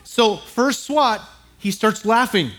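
Pastor guy preaching, high-ish voice, jokey stories, keeps restarting and asking the crowd stuff. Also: slow pace. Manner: storytelling with humor and audience asides; frequent restarts, animated and acting out voices. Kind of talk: sermon.

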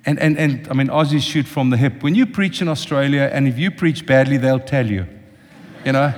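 A man's voice: mid-range voice, moderate pace, a little hiss or hum. An older man preaching a sermon with passion, speaking directly to his congregation. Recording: long reverb of a large hall.

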